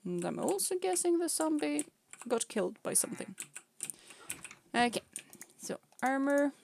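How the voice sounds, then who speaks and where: A woman's voice: high-pitched, big pitch swings, measured pace, gravelly, a little mellow, slight background noise. A young woman streaming a game, chatting casually and playfully, often laughing and scolding her pet cats. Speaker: vtuber streamer.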